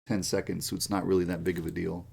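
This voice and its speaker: A man's voice: low voice, little pitch movement, fast, vocal fry, noisy background. A young man streaming from his computer, chatting casually and then switching into a formal, lecturing tone, sometimes grumbling in frustration. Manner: shifts into a formal, lecturing delivery. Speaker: game developer streaming. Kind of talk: casual livestream chat.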